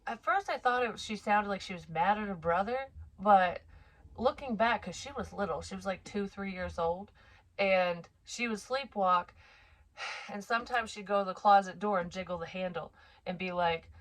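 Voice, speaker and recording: A woman's voice: mid-range voice, normal speed, a bit bright. A woman in her forties, a psychic medium, casually telling a personal story in a frank, profane, rambling way. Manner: chatty, rambling with asides.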